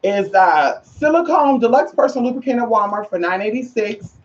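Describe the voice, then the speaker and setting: A woman's voice: fairly high pitch, lively intonation, moderate pace, slight background noise. A woman vlogger in casual chat to camera, sassy and slangy, calling listeners girl and honey and repeating phrases for emphasis. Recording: muffled lo-fi recording.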